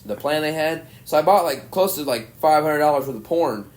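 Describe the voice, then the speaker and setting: A man's voice: a little high, expressive, brisk, darkish tone. A young man from Arkansas, a comedian telling a story as a podcast guest, rambling and swearing, saying "dude" constantly. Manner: rambling, profane, says "dude" a lot. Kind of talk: casual chat, storytelling.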